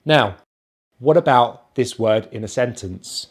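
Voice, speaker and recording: A man with a British accent teaching English pronunciation, slowly drilling and repeating syllables. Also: medium pitch, lively intonation. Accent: British, non-rhotic. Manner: slow, exaggerated drilling of sounds. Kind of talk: pronunciation lesson.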